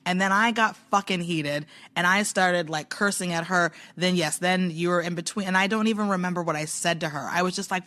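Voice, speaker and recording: A woman's voice: lowish voice, brisk, fairly bright tone. A woman telling a story in casual chat, heated and emphatic, acting out the quotes.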